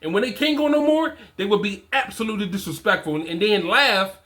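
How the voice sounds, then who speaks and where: A man's voice: sits high, brisk, bright, forceful tone. A man in his forties giving casual, emphatic motivational talk to other men, repeating his points with slang. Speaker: fatherhood and men's coach.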